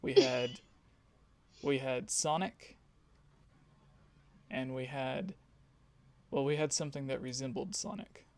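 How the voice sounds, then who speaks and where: Gravelly man hosting a podcast. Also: medium pitch, big pitch swings, takes it slowly, long pauses, a little mellow, no echo. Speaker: podcast host. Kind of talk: casual chat.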